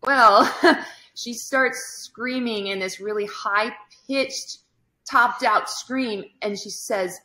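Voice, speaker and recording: A woman hosting a casual interview, calmly recounting events and reacting briefly to her guests. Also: a little high, takes it slowly. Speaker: host. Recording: roomy echo.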